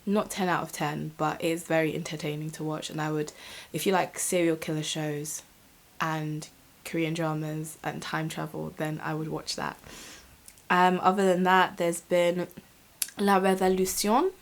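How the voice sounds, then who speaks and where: A woman's voice: deep voice, little pitch movement, normal speed, creaky. A young woman, chatting casually to camera in a rambling, swearing vlog. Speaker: vlogger.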